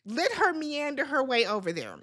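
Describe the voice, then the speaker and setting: A woman's voice: high voice, big pitch swings, normal speed, pushed and bright. A woman hosting a casual reality TV recap, sassy and blunt, talking straight at the cast members as if scolding them.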